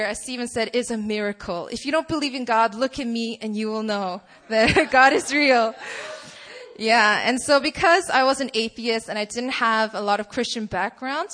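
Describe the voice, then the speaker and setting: Speaking to a student fellowship on campus, a young woman from Poland in her twenties starts by praying, then talks in a relaxed way with plenty of laughter. Her tone is fairly high-pitched and bright.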